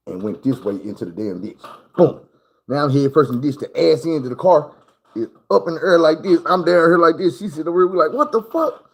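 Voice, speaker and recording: A man's voice: a little high, a little mellow, husky. A man telling a rambling, slangy personal story on a livestream, full of swearing and acted-out moments.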